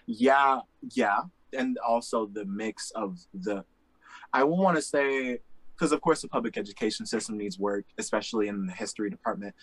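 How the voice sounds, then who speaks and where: Young male host, casual chat, emphatic and animated, dry close mic. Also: lowish voice, no room sound, poor audio. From Indiana, USA. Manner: animated, emphatic storytelling with quick asides. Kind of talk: casual conversation.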